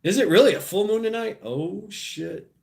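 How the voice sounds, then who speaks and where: A man's voice: high voice, normal speed, gravelly, darkish tone. A man, maybe in his thirties, hosting a casual livestream, talking to his chat in a rambling, profane way and laughing at his own jokes. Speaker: livestream host.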